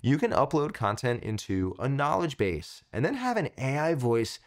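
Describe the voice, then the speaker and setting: An enthusiastic male host walks viewers through software in a scripted review. His voice is of middle pitch and swings widely in lively, animated phrasing, with quick punchy asides. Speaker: tech tutorial host. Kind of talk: upbeat scripted product review.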